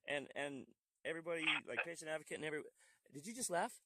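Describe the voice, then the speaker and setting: A man's voice: fairly high pitch, lively intonation, fast, very noisy. A man who is a veteran, retelling his grievances in a recorded phone call with many restarts and quoted back-and-forth. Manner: frustrated storytelling, many restarts and quoted dialogue. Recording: faint quiet voice over phone.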